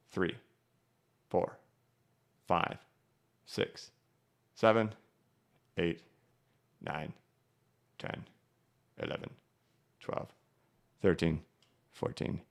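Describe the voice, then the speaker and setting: This man in his thirties hosts a casual crypto live stream, his voice on the low side, smooth and a bit bright. He chats and jokes while going through viewer comments and charts.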